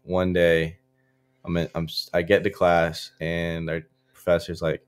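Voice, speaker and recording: A man's voice: deep voice, monotone, normal speed, smooth. A young man, a college football player from Florida, telling stories in a loose interview chat full of likes and restarts. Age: young adult. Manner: loose, filler-heavy, frequent likes and restarts. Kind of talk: casual interview storytelling.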